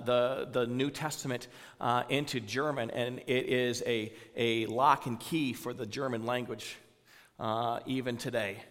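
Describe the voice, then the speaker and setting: A pastor with a Southern US accent gives an informal sermon, talking conversationally with lots of fillers and putting questions to his congregation. His voice is medium-pitched and a bit bright, carrying a big-room sound.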